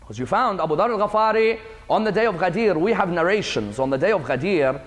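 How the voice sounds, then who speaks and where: Male lecturer with a higher voice, emphatic religious storyteller who repeats key phrases. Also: expressive, quick pace, in a large hall.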